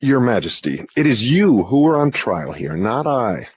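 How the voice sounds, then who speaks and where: A man's voice: medium pitch, very animated, unhurried, a little mellow, breathy edge, no echo. A man playing a formal, demanding interrogator who questions with insistence in an audiobook dramatization.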